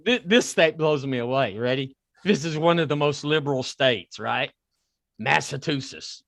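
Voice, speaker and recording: A man with a Southern accent hosting a talk podcast, excitable and repeating himself as he pitches a sponsor. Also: normal speed, no echo. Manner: excitable, repeats words and restarts. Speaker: podcast host. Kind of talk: casual chat with a sponsor plug.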